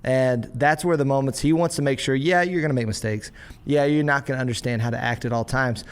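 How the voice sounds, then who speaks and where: A young adult man hosting a church podcast in a casual, chatty way. He is an animated storyteller who slips into quick voices for his kids and his own father. His pitch sits in the middle for a man. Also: clear, resonant tone. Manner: animated storyteller acting out family scenes. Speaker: podcast host and pastor.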